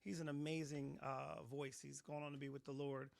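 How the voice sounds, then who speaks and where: A middle-aged man, a pastor, telling his personal testimony in an interview with animated storytelling, acting out the voices of people in his story. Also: medium pitch, normal speed, creaky. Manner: animated storytelling, acts out quotes.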